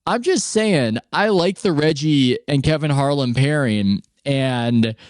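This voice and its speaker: A man's voice: medium pitch, animated, takes it slowly, smooth, dry recording, clean studio sound. A man hosting a podcast, talking sports in a rambling, conversational way. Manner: rambling, conversational, self-interrupting. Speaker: podcast host. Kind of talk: casual sports chat.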